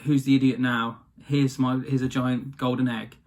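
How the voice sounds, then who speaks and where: A man's voice: medium pitch, little pitch movement, normal speed, natural voice. A man doing a cheeky, dim lad. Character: young lad Jack, dim but cocky.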